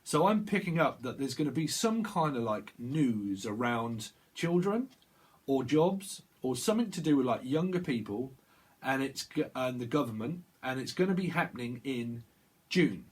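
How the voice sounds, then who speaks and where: A man's voice: mid-range voice, expressive, normal speed, breathy edge. A man giving a rambling tarot reading, talking to himself, repeating words and breaking off mid-thought. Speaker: tarot reader.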